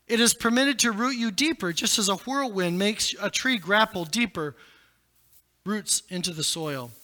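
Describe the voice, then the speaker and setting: High bright-voiced male pastor preaching. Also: moderate pace. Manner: dramatic, rising to shouts and dropping low. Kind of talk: sermon.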